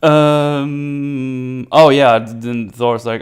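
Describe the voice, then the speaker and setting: A young man with a low, clean, smooth voice talks through a movie scene by scene in a loose, casual chat. He is animated and mocking, and keeps slipping into jokey quotes from the characters. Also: a little slow. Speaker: podcast host.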